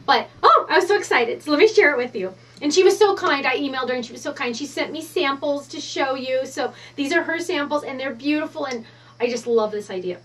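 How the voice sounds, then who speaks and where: Bubbly high-voiced woman craft host. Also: brisk, recorded from a distance. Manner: bubbly and excitable, gushing. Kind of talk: stamping tutorial demonstration. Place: craft studio at counter height.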